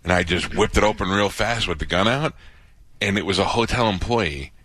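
A man hosting a radio talk show, telling stories in a casual, animated way. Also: low voice, moderate pace, no echo. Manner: storytelling, animated quotes.

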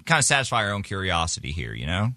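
Lively, bright-voiced male radio co-host. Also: deep voice, fast, slight background noise. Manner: playful, teasing questions. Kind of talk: morning radio banter.

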